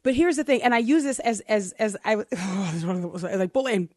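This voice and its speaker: A middle-aged woman co-hosting a casual chat, telling a story in an animated, self-deprecating way and laughing as she goes. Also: on the high side, fast, no echo, studio quality. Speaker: co-host.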